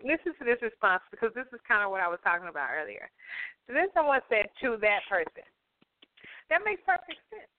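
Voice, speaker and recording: A woman's voice: mid-range voice, very animated, fast, no echo. A woman hosting a casual talk show who laughs easily and reads listener comments aloud. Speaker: podcast host. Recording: dry, phone-like lo-fi sound.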